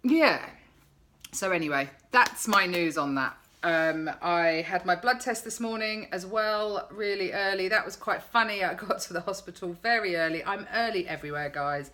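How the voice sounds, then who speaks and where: Low, forceful woman chatting wryly. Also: moderate pace, hardly any pauses, slight background noise. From England. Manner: chatty, wry and sarcastic. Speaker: vlogger. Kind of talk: casual chat to camera.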